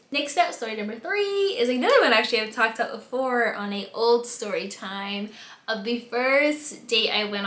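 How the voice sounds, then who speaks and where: A woman from the United States telling embarrassing stories in a casual storytime vlog, acting out her own reactions with big swings in voice. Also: medium pitch. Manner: animated storytelling with dramatic replayed reactions. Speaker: vlogger. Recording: echoey room.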